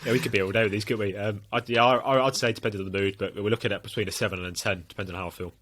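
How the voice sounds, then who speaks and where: A man's voice: on the low side, steady tone, rapid-fire, fairly bright tone. A man hosting a podcast, talking in a rambling, chatty way and laughing easily. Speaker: podcast host. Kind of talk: casual chat.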